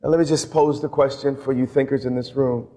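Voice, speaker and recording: A man preaching an impassioned sermon as pastor, slowing down to stress points. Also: mid-range voice, steady tone, mellow. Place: large church hall. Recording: long church hall reverb.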